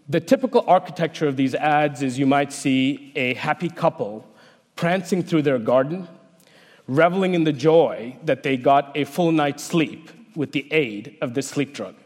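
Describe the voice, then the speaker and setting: A man, a researcher, giving a prepared talk in a measured, explanatory way. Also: mid-range voice. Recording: long hall reverb.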